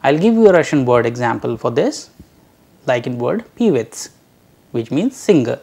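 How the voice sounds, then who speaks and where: A language teacher giving a recorded lecture, drawing out each letter sound slowly and carefully for learners to repeat. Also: mid-range voice, very animated, creaky, dark tone, breathy edge.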